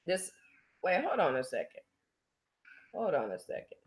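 A woman's voice: low-pitched, sing-song, normal speed. A woman hosting her own channel, giving blunt, profane, mocking commentary in a casual chatty style. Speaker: channel host.

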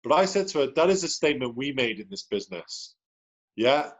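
Leading a sales team's video call, a man greets each person in turn and chats cheerfully in an upbeat, motivational way. His medium-pitched voice has a sing-song lilt and moves fairly quickly. The audio is dull, lo-fi video call sound.

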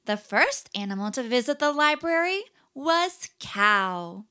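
A woman's voice: high voice, very animated, unhurried, sharp tone, clear, resonant tone. A woman narrating a children's puppet show with sing-song, exaggerated storytelling emphasis.

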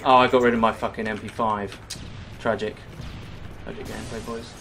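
A man's voice: lowish voice, little pitch movement, vocal fry, noisy background. A young man giving sarcastic, swearing commentary over his own gameplay as a gaming YouTuber. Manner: sarcastic, swearing, quick to rage and laugh. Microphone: webcam-recorded gaming setup.

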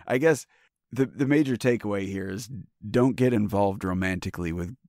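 A man's voice: fairly low pitch, moderate pace, darkish tone, dry recording, studio quality. A man hosting a podcast in casual chat, joking and swearing a lot. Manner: profane, joking. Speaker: podcast host.

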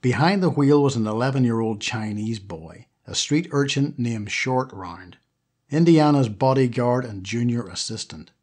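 Husky male audiobook narrator. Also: medium pitch, animated, normal speed, a little mellow. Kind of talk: scripted narration.

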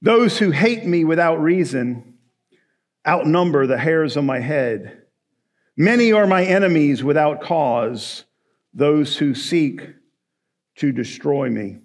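A man preaching a sermon, rising to loud emphatic lines and dropping to low, quiet asides. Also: expressive, slow pace. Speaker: pastor.

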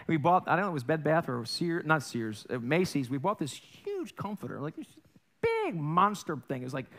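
A male pastor preaching a sermon in a church, animated and conversational, acting out little family exchanges in quoted voices. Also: a little high. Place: church sanctuary.

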